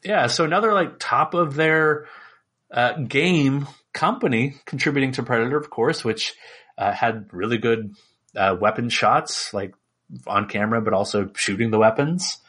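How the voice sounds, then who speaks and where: Male podcast co-host, casual and rambling, middle pitch, loose filler-heavy delivery. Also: moderate pace, fairly bright tone, slightly rough. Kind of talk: casual chat.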